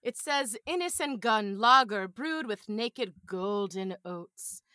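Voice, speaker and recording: A woman's voice: medium pitch, animated, slow, sharp tone, no echo, clean studio sound. A woman chatting as a podcast guest, telling playful stories in a casual way. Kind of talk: casual chat.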